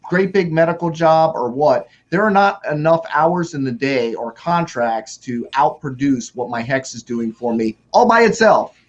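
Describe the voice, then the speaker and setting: A man's voice: on the high side, expressive, normal speed, hardly any pauses. Wry man on a dull, lo-fi line. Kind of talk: casual chat.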